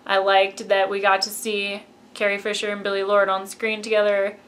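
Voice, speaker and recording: A woman's voice: mid-range voice, monotone, moderate pace, fairly bright tone. A woman giving a casual, gushing fan review of a film and acting out lines from it. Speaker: movie reviewer.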